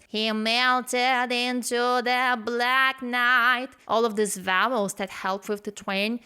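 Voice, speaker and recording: Expressive woman in reaction commentary. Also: mid-range voice, smooth. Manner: expressive, sings snippets to illustrate. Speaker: host reacting to a song.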